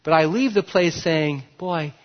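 Lively, animated preaching man. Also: fairly high pitch, measured pace, dull audio, slight background noise. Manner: lively preaching with emphatic rises and soft drops. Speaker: pastor. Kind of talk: sermon.

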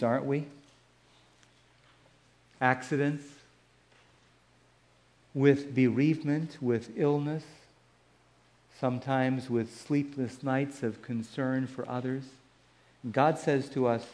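Slow, soft-ending male preacher. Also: mid-range voice. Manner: slow, measured, drops soft on key words. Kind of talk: sermon.

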